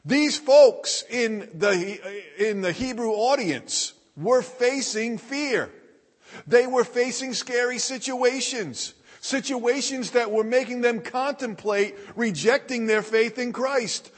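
A man preaching a sermon as a pastor, delivering it deliberately and reading scripture passages aloud. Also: extremely high pitch. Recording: long hall reverb.

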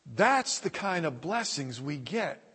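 A man's voice: fairly high pitch, very animated, slow pace, a bit bright, slightly rough. A middle-aged man preaching a sermon as pastor, telling a personal story with frequent restarts and fillers. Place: church sanctuary. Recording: long hall reverb.

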